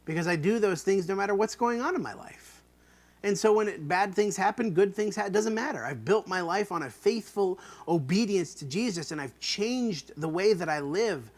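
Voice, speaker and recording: A man's voice: sits high, expressive, moderate pace. A man teaching an online Bible study in an earnest, emphatic way, repeating points to stress them.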